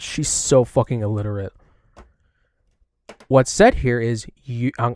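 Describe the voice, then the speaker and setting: A man's voice: mid-range voice, a little slow, long pauses, a little mellow, dry recording, studio quality. A man giving reaction commentary, mocking and profane, talking over clips he plays. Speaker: commentary streamer.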